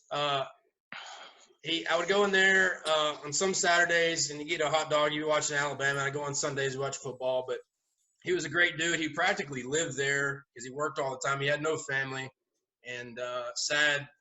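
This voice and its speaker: A man's voice: on the high side, normal speed, rough recording. A man, hosting a casual chat and telling stories with laughs and the odd curse. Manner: animated storyteller, swears and laughs. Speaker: host.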